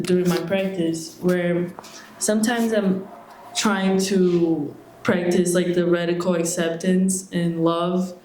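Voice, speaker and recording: A young woman with a slightly low voice asks a question at a monastery retreat Q&A. She speaks hesitantly, searching for words and restarting often. Her voice rings out in an echoey hall through a handheld microphone. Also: darkish tone. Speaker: retreat participant asking a question.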